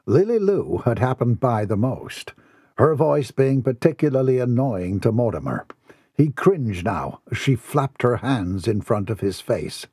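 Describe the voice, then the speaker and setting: A man's voice: medium pitch, sing-song, a little slow, warm tone, husky, dry recording, clean studio sound. A man narrating a comic novel as an audiobook in a theatrical, wry manner. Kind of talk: scripted narration.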